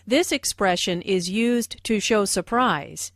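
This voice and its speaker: Slow, lively woman teaching English. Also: on the high side, no echo, clean studio sound. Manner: slow, clear teaching delivery. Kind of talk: scripted dialogue and language notes.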